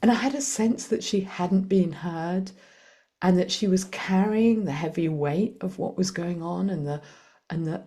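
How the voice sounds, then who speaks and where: A woman, a podcast guest speaking in a lively, conversational way, in quick bursts while she tells a story. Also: on the low side. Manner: animated, acts out quoted voices, quick bursts. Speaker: guest, author and executive coach.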